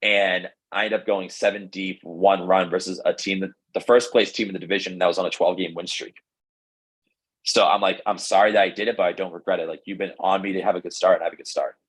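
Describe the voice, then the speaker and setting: A young man, a pro baseball pitcher, telling his story in a casual interview, rambling with lots of fillers and quoted dialogue. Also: steady tone, brisk, husky, low-quality recording. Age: young adult.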